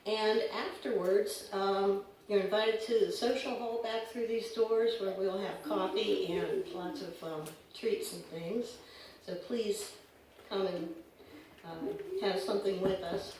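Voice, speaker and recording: A woman's voice: medium pitch, takes it slowly. Woman welcoming guests in an echoey church. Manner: warm, hesitant, many ums, chuckling. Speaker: congregation treasurer welcoming guests. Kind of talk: casual welcome announcements. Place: church sanctuary. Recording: echoey hall from far off, background noise.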